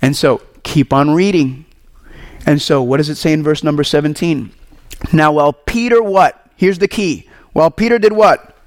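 A man from Puerto Rico preaching a sermon as pastor, animated and asking the congregation questions. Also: fairly high pitch, moderate pace, no room sound.

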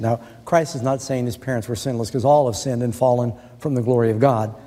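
A man preaching a sermon in an earnest way, asking rhetorical questions and slowing down to quote scripture. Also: mid-range voice, fairly even intonation, warm tone. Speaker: pastor. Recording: long reverb of a large hall.

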